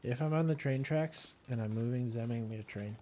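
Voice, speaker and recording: Casual male streamer, mellow tone, playful running commentary, faint hiss. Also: mid-range voice, a little fast. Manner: playful, thinks aloud while playing. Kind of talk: casual gameplay chat.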